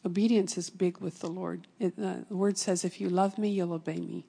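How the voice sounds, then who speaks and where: Middle-aged woman preaching, earnest, soft husky voice, big echoey hall. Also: on the low side, steady tone, a little fast. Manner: earnest, drops into whispers for emphasis. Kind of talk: sermon with personal testimony. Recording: long hall reverb.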